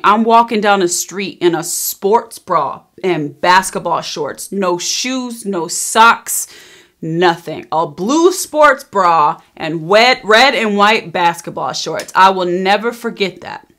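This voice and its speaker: A woman in her thirties telling a personal story in a casual storytime vlog, emphatic and animated, acting out what people said. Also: mid-range voice, takes it slowly. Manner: emphatic, animated retelling, acting out quoted lines.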